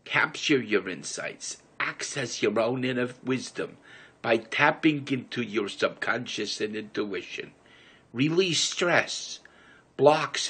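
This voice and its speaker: A man reading an inspirational book aloud in a put-on New York City accent, deliberate and measured. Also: medium pitch, a bit bright, breathy edge.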